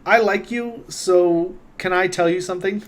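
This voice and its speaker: A man doing a sly young girl from a tabletop role-play, knowing and a little eerie. Her voice sits somewhat high and stays quiet and serious. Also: normal speed, natural voice.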